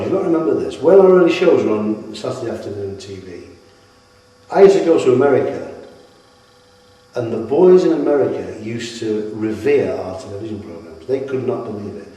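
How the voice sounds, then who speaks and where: At his home, a middle-aged British man, a retired wrestler being interviewed, tells animated anecdotes in a rambling way, restarting his sentences often. His voice is mellow, dark, fairly low in pitch and brisk. The echoey room and distant mic leave a long, roomy tail on the sound.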